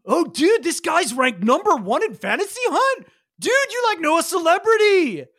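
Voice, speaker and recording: Surfer dude kid, all "dude, like", way up high and goofy, a guy putting it on. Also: animated, brisk, creaky, a bit bright, slightly rough, full character voice. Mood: excited. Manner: drawling "dude, like" surfer slang. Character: laid-back young male surfer-dude hacker Riptide.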